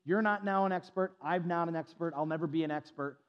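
A man preaching a sermon to a congregation in a church, lively and animated, sometimes mocking the voices of critics. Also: fairly high pitch, fairly quick, smooth, muffled recording. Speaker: pastor.

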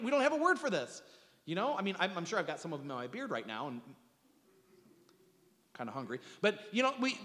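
A male preacher with a high, lively voice that swoops up and down as he explains scripture. He often repeats words as he restarts and drops in joking asides. His voice rings out with a long reverb in a large hall. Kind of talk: sermon, reading and explaining scripture.

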